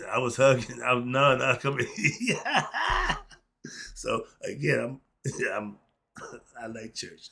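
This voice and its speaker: Male host, casual monologue; husky, gravelly delivery, drawn-out stresses, punchy rhetorical questions. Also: mid-range voice, a bit bright. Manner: emphatic, asks himself rhetorical questions and answers them. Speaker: host of his own online channel.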